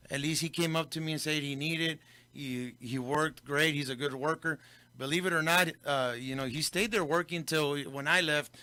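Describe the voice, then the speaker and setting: A fairly high, bright man's voice, swapping between English and Spanish as he tells a story on air. The sound is close and dry, with no room around it. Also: moderate pace, no room sound. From Del Rio, Texas. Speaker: radio host. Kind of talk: casual radio talk.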